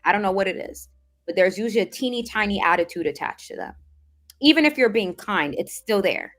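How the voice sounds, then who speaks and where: A woman telling a personal story as a vlog, animated and emphatic, acting out what others said. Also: mid-range voice, brisk. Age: adult, has seen the same doctor since age sixteen. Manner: animated, quotes others in a mimicking voice, emphatic and indignant. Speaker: self-improvement vlogger. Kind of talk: casual storytelling monologue.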